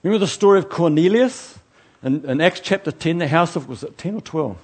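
Briskly and with plenty of animation, a husky, somewhat high-voiced preacher gives a chatty sermon. Loud bursts alternate with quiet asides, and he keeps cracking self-mocking jokes.

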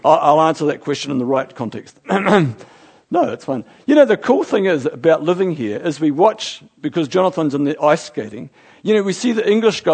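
Pastor, male, middle-aged, from New Zealand; husky, slightly high voice; impassioned sermon delivery. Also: very animated, fairly quick, a little mellow. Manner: impassioned, rising to fervent exclamations.

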